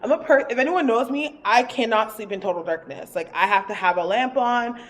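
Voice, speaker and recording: A woman's voice: a little high, brisk. A woman working as a psychic medium, telling a personal story in a casual, rambling way, full of fillers and swearing. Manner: animated, rambling, filler-heavy and profane.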